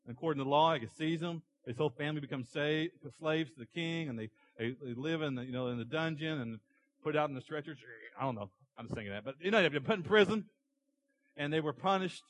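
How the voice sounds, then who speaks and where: A man preaching a sermon to his church, animated as he tells stories and acts out characters. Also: a little high, fast talker, poor audio. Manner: animated storytelling, acting out characters in the parable. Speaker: pastor.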